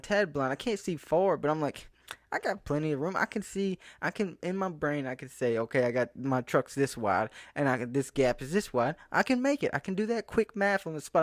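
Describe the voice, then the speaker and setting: A man's voice: a little high, no room sound. Exasperated rambling man, dry sound. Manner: rambling, exasperated, restarts and quoted asides. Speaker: vlogger. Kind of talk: casual ranting monologue. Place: outdoors in a town, then home.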